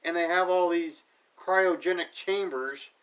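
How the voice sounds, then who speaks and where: Man, slightly high voice, sarcastic casual recap, offhand paraphrasing, mic set back. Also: unhurried, fairly bright tone, far from the mic, poor audio. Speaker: TV episode reviewer.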